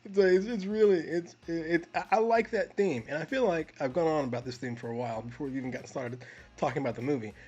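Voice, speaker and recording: A man co-hosting a film review podcast, talking in an animated way with frequent laughs and restarts. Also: on the high side, fast, husky, highs cut off. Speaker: podcast co-host. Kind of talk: casual film review chat.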